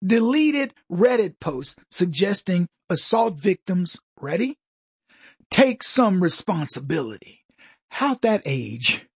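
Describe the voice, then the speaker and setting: A middle-aged man delivering a comedic political monologue, mocking and jokey, with quick asides and mimicked voices. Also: high-pitched, sing-song, breathy edge, no echo, studio quality. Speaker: commentary host.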